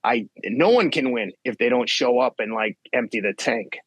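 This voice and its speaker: A man in his fifties, a guest athlete telling race stories in blunt, profane, animated casual chat. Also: mid-range voice, moderate pace, breathy edge, no echo. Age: 50s. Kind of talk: casual podcast storytelling.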